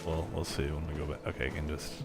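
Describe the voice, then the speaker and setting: A young man co-hosting a video game playthrough, relaxed and joking, rambling into stories. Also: very deep voice, quick pace, loud music behind the voice. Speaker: gaming co-host. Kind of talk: casual let's play chat.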